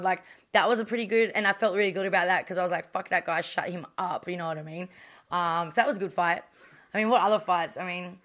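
An Australian woman telling stories as a podcast guest, animated and blunt, with plenty of swearing. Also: lowish voice. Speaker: guest, professional boxer. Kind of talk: casual storytelling.

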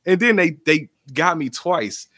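Excitable, laughing podcast guest, a man. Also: a little high, unhurried, dry recording, studio quality. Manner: excitable, laughing, profane storytelling. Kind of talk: casual movie review chat.

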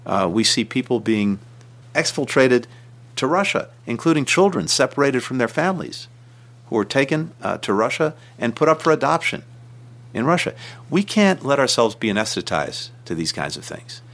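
A man, a senior official, giving measured interview answers with emphatic stresses and frequent restarts. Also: mid-range voice, very animated, fairly bright tone.

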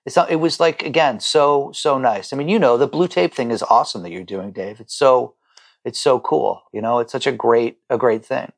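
A man's voice: mid-range voice, normal speed, gravelly. A middle-aged chef talking as a podcast guest over a remote call, heartfelt and stumbling over repeated words when he gets moved. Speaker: chef and restaurant owner, guest. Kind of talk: emotional podcast conversation.

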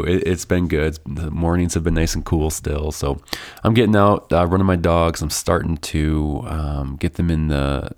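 Host type: young adult man, deep voice, congested from a cold, loose chatty podcast delivery full of ums and restarts. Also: a little mellow. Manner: rambling, many fillers and restarts. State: stuffy from a summer cold. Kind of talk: casual solo podcast intro.

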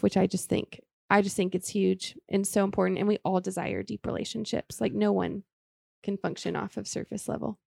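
A woman's voice: medium pitch, creaky, darkish tone, no echo, studio quality. A woman co-hosting a faith-based podcast, talking earnestly in long flowing sentences. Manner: earnest, speaks in long flowing run-ons.

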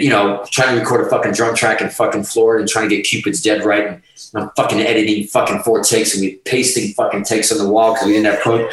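A man guest telling a long profane story in casual chat, animated and rambling. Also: mid-range voice. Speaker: podcast guest, musician. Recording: roomy, distant mic.

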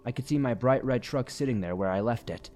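A man reading a first-person horror story aloud in a steady, grave storytelling manner. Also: medium pitch, fairly quick. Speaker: narrator. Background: faint music.

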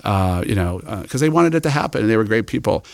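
A man telling a story as an interview guest, animated and acting out the people he quotes. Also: on the low side, quick pace, creaky, dry recording, clean studio sound.

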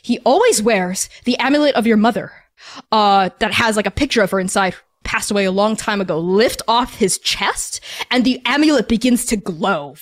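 A woman's voice: medium pitch, moderate pace. A woman narrating as game master in a tabletop game, casual and full of "like"s. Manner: casual, filler-heavy narration with many "like"s.

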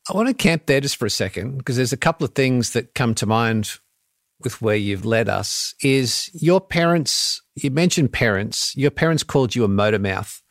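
A man's voice: medium pitch, animated, normal speed, dry recording, studio quality. Man host asking long rambling questions. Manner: rambling, multi-part questions. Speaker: radio show host. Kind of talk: interview questions.

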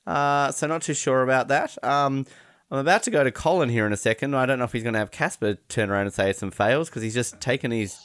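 A man's voice: fast talker, a bit bright, clear, resonant tone. A man hosting a casual video-call chat show, joking and laughing as he talks. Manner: jokey, laughs often, mimics people in high voices. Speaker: podcast host.

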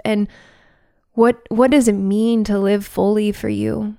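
Heartfelt woman with a gravelly edge. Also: fairly high pitch, flat delivery, unhurried, a little mellow, dry recording, clean studio sound. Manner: heartfelt and searching. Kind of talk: reflective talk to camera.

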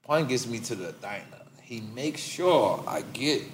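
A man of Puerto Rican heritage telling a story in casual chat, lively and animated, often dropping into deep voices when he quotes others. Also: measured pace. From Puerto Rico heritage. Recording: echoey room with clear background noise.

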